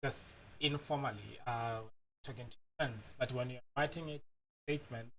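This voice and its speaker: A man's voice: medium pitch, creaky, a bit bright, a little hiss or hum. Casual man from Botswana explaining. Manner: halting, many fillers and restarts. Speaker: language teacher.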